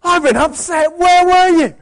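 A man's voice: extremely high pitch, a little slow, voice pushed up. A man doing a whiny, accusing small child. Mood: upset. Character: upset small child blaming a parent.

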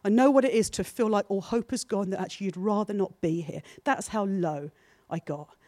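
A woman's voice: mid-range voice, a little fast, dry recording, clean studio sound. A woman preaching a sermon to her church in an earnest, personal way. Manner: earnest, builds from soft confessional to emphatic.

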